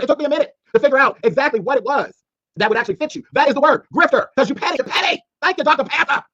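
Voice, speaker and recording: A man's voice: very high voice, racing, bright, forceful tone, dull audio. A man delivering a sassy, scolding call-out rant as a streamer, mocking his target. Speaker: commentary streamer.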